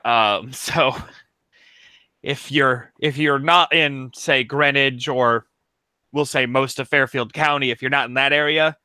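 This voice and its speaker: Bright-voiced man from Connecticut. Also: medium pitch, fairly even intonation, unhurried, smooth, no room sound. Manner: hesitant, many ums, explaining. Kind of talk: casual live-stream chat.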